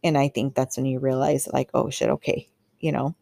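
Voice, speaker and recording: Low-voiced woman telling a candid story. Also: little pitch movement, a little fast, creaky, warm tone. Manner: candid, chatty, lots of fillers and acted-out quotes. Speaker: podcast host. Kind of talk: casual storytelling monologue.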